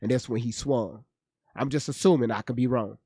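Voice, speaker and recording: A man's voice: mid-range voice, brisk, dark tone, husky, no echo, clean studio sound. A male streamer giving blunt, profane live commentary on a clip, often repeating his words as he thinks aloud. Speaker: streamer reacting to clips.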